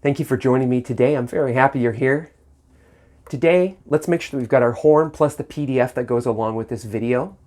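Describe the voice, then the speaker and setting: A man's voice: medium pitch, brisk, a little mellow. A man teaching a saxophone lesson on video, patient and encouraging, speaking syllables aloud in rhythm to demonstrate.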